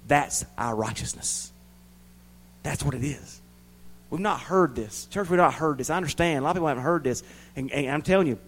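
A man preaching a sermon in a folksy way, repeating words for emphasis and swinging between loud emphatic bursts and quiet asides. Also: fairly high pitch, rough recording.

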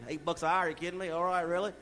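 A man's voice: high voice, little pitch movement, very fast, a bit bright. A man doing a tired, put-upon cashier. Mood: weary. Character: weary underpaid young store cashier.

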